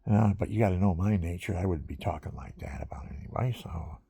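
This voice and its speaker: A man's voice: sits low, fast talker, creaky, mellow. A man rambling through stories in a casual monologue he is taping himself, drifting from one thing to the next and chuckling often.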